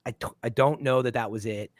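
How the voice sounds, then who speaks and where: A man's voice: mid-range voice, steady tone, a little fast, dry recording. A man hosting a casual podcast chat, rambling with frequent restarts and fillers. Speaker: podcast host.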